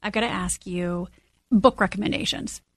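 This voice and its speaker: A woman's voice: mid-range voice, steady tone, a bit bright, dry recording, clean studio sound. A woman hosting an interview, prompting her guest with short encouraging remarks. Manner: encouraging, quick affirmations. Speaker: interview host. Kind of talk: casual interview.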